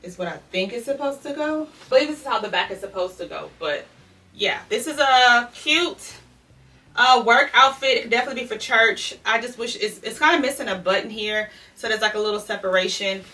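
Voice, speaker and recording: Talking fairly quickly in a sharp, slightly high voice, this Louisiana fashion vlogger is breathless as she goes through a casual try-on haul. The mic is distant, and she chats straight to her viewers, calling them "y'all."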